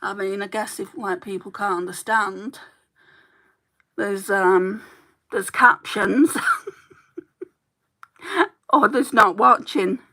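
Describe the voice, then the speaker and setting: Chatty woman with a gravelly, bright voice. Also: mid-range voice, takes it slowly, long pauses, rough recording. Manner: chatty and rambling, laughs easily. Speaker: beauty YouTuber. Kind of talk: casual chat while doing makeup.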